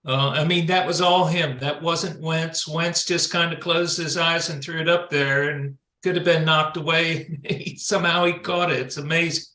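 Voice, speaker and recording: A man calls in as a guest on a football podcast. His voice is bright and a little high, and a roomy echo surrounds it. He thinks aloud with hesitant restarts. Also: steady tone, normal speed, hardly any pauses. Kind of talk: casual remote call-in chat.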